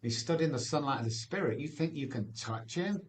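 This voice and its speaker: A man voicing Jesus as a relaxed, slangy, confident figure in a told story. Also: on the high side, brisk, slight background noise, voice pushed up, close to an everyday voice. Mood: laid-back. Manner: easygoing, slangy, unbothered.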